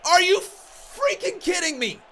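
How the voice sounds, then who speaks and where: A man ranting furiously on a live reaction stream, shouting, swearing and repeating words in angry bursts. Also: very high voice, big pitch swings, unhurried.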